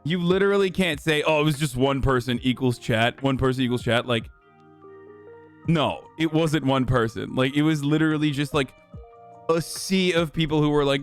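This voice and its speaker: A young man streaming, chatting with his audience in a profane, mocking way and breaking into loud laughs. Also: medium pitch, moderate pace, faint music behind. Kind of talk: casual livestream chat.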